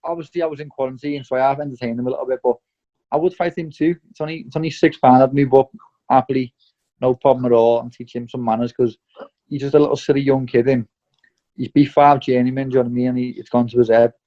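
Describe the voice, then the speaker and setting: Blunt, profane boxer, lo-fi. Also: male voice, mid-range voice, steady tone, quick pace. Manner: blunt and profane, with frequent "mate" and "lad". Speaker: professional boxer. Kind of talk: candid interview. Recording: slightly dull lo-fi audio.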